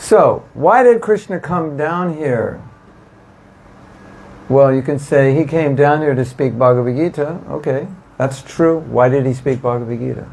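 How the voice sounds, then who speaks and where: Speaking at a measured pace with a creaky, darkish medium-pitched voice, a spiritual teacher leads a casual devotional class before a live audience. He's conversational and emphatic, repeating himself for stress and asking listeners questions. The recording is rough.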